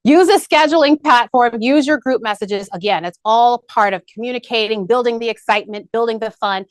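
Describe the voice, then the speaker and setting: A woman gives a peppy, rallying presentation to her team in an upbeat business meeting held over video call, repeating key points as a marketing presenter. Her voice is a little high and brisk, with no echo.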